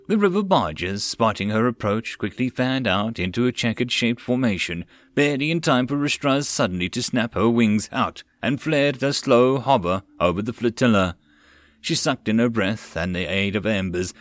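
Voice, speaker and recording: A man narrating a web novel audiobook, expressive and swinging with the action. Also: medium pitch, no echo. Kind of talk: reading a web novel aloud.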